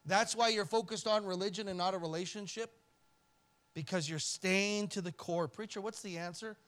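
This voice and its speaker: A male pastor with a notably high voice delivers a church sermon. He swings between forceful, raised emphasis and hushed, almost whispered pleading, giving the preaching a dramatic push and pull. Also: steady tone, moderate pace. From Canada.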